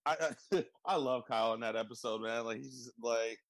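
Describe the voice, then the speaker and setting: A young man co-hosting a casual podcast, excitable and swearing freely, laughing often. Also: mid-range voice, a little fast, dry recording. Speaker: podcast co-host. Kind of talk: casual chat.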